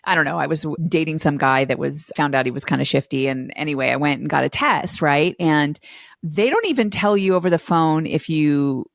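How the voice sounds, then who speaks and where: A woman's voice: low voice, creaky, no room sound, studio quality. A woman hosting a podcast, chatting with empathy and an easy laugh. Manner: empathetic, conversational, quick to laugh. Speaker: podcast host. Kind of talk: casual interview chat.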